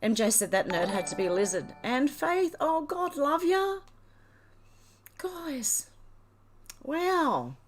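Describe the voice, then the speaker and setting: An Australian woman hosting a livestream reads out chat messages and thanks her viewers, crying and gushing with emotion. Her high voice is very animated, though she goes slowly with long pauses, and faint music plays behind her.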